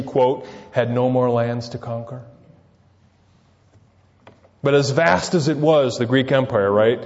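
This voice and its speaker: A man preaching a sermon, peppering it with rhetorical questions and swinging between loud emphasis and quiet asides. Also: fairly high pitch. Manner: rhetorical, keeps asking "right?". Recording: dull sound with long reverb.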